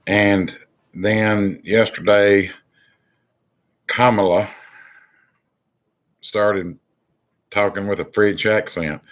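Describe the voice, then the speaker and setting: A man's voice: on the low side, steady tone, drawn-out words, pauses often. A man hosting a political commentary monologue, rambling and exasperated, with many ums and restarts. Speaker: channel host.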